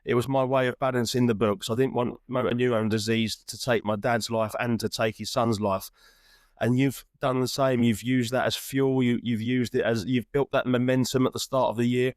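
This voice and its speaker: A man's voice: mid-range voice, steady tone, moderate pace, no echo, clean studio sound. A man hosting an interview podcast, talking in an earnest, encouraging way and often restarting his sentences. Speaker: podcast host. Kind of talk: reflective interview chat.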